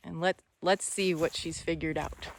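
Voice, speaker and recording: A woman's voice: lowish voice, steady tone, normal speed, slight background noise. Chatty woman horse trainer outdoors. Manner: chatty and encouraging, thinks aloud. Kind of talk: casual vlog narration. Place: outdoors on a country ranch.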